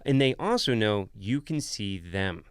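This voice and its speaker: A man's voice: fairly low pitch, unhurried, clean tone, no room sound, clean studio sound. A man who works as a wildlife photographer and shark dive guide, talking as a podcast guest and telling stories casually, with lots of "like" and "bro". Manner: animated, filler-heavy, says "bro" and "like". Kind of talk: casual storytelling. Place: podcast studio.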